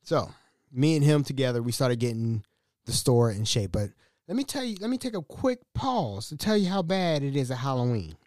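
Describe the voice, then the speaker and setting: A man hosting a podcast, telling a workplace story in an animated, slangy way and acting out the dialogue. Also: medium pitch, normal speed, no room sound, studio quality. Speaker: podcast host.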